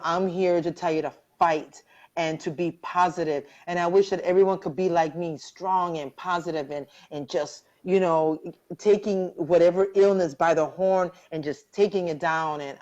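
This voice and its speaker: Low-voiced woman host, close to tears. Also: darkish tone, muffled recording. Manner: heartfelt, religious, rambling with many restarts. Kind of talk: live online interview. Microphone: video call.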